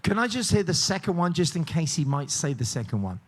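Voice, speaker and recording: A man's voice: on the high side, big pitch swings, fairly quick. A man hosting a cruise ship game show, joking and teasing the contestants in upbeat patter.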